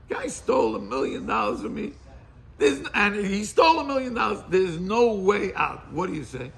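A man leading an informal Torah class, animated and quizzing his listeners, mixing Hebrew and Yiddish terms into English. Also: high-pitched, moderate pace, gravelly.

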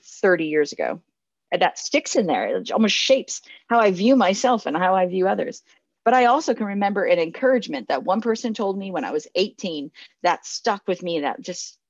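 A pastor in her forties gives an earnest, reflective sermon, frequently restarting sentences and laughing softly. Her medium-pitched voice has no echo, though the recording is lo-fi.

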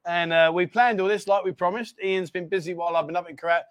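A man's voice: high voice, fairly even intonation, fast talker, a bit bright, no echo. A man hosting a casual livestream from a bar, chatty and apologetic, bantering with his co-host.

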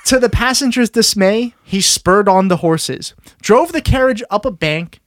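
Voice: medium pitch, animated, measured pace, hardly any pauses, no echo, studio quality. A podcast host in casual chat who reads a history story aloud, amused and often breaking into laughter.

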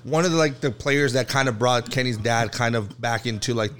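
A man's voice: mid-range voice, brisk, fairly bright tone. A man co-hosting a casual podcast chat, building up a story and teasing his friend. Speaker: podcast co-host.

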